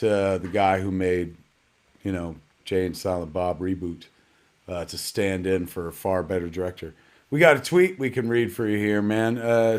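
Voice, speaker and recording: A middle-aged man hosting a live online premiere show, rambling casually and poking fun at himself, dropping "man" and "kids" as he talks. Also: lowish voice. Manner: chatty, rambling, self-deprecating, peppered with "man" and "kids". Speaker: host.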